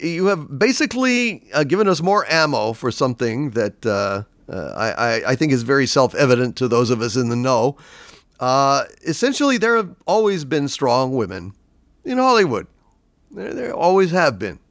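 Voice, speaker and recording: A man's voice: on the high side, a bit bright, no room sound. A man hosting a live stream, chatting off the cuff as he answers viewer donations. He rambles, stammers over repeated words and swears casually. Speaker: livestream host reading viewer donations. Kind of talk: casual unscripted chat.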